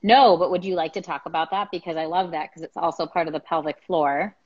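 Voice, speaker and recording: A fairly low-voiced woman hosting a casual live stream chat, upbeat and easygoing. The audio is somewhat dull and lo-fi. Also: steady tone, quick pace, darkish tone, breathy edge. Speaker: host.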